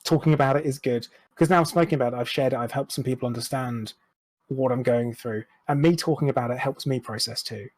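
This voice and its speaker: A man's voice: medium pitch, fast, a little mellow, dry recording, rough recording. A man, speaking frankly and reflectively as a podcast guest, swearing now and then. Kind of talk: candid interview chat.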